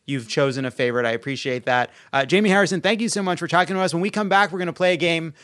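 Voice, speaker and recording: A man hosting a comedic political show, energetic and sarcastic. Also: on the high side, no echo. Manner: sarcastic, energetic, quick jokes. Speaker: podcast host.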